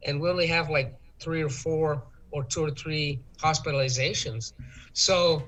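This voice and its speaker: A man answering interview questions in a measured, hesitant way, with many ums and uhs. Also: fairly high pitch, fairly even intonation, a bit bright, poor audio. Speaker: interview guest, tourism official. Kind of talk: talk-show interview.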